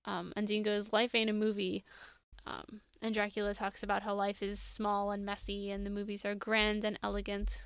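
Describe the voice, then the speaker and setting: A woman's voice: medium pitch, moderate pace, hardly any pauses, clean tone, no room sound. A woman co-hosting a podcast, casually recapping an episode and retelling scenes with quoted lines. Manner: animated retelling, quoting lines with laughs. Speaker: podcast co-host.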